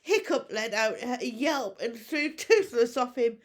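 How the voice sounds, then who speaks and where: Woman teacher, unhurried storybook read-aloud, expressive. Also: fairly high pitch.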